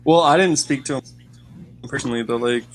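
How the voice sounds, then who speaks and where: A man's voice: medium pitch, brisk, soft background music, rough recording. Rambling young man telling a story. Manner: rambling, heavy use of "like", laughs while telling. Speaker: podcast guest telling a story. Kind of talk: casual chat.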